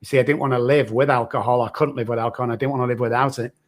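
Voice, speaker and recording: A man's voice: mid-range voice, fairly even intonation, rapid-fire. Guy, middle-aged, telling his story raw and earnest, regular mid voice. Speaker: recovery expert guest. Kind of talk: candid personal storytelling.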